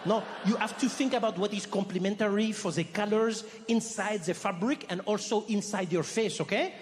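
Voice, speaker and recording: A man's voice: high voice, close to an everyday voice. A comedian voicing a condescending male French shop clerk with a French accent, blunt and dismissive. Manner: blunt, condescending, drawn-out tags. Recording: live hall reverb, faint noise.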